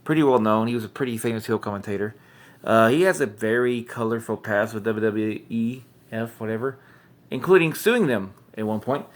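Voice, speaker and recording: Casting note: male wrestling reviewer, loose and rambling, self-correcting, mid-range voice. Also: mid-range voice. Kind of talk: casual recap commentary.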